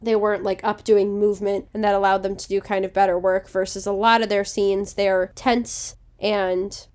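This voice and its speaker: A woman co-hosting a podcast in casual chat, chatty and confident, often trailing off softly. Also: mid-range voice, flat delivery, moderate pace. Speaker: podcast co-host.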